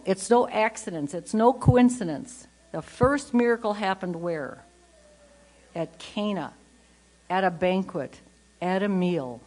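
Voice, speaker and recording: An older woman gives a humorous, animated storytelling talk at a conference. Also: mid-range voice. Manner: animated, chatty, acts out family anecdotes. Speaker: conference speaker.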